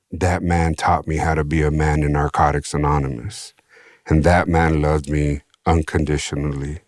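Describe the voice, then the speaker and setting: A man from San Diego, a podcast guest, telling his own story in an animated, slangy way with free swearing. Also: a bass voice, normal speed, no echo, studio quality. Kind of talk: casual storytelling.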